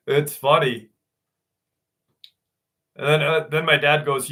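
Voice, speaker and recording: A man's voice: on the high side, slow pace, pauses often, bright, forceful tone. A man hosting a live stream, casually telling a rambling story with swearing and frequent laughter. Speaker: host.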